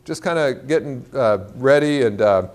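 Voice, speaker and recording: A man preaching to a large church crowd, telling a story with lively acted-out quotes and a lot of pitch jumps. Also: normal speed. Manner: animated storyteller, acts out quotes in a higher voice. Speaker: guest speaker. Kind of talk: sermon storytelling. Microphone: clip-on mic.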